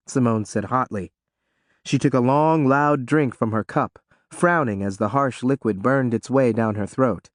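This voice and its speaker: A man reading an audiobook in an expressive, scripted narration. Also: mid-range voice, unhurried, no echo, studio quality.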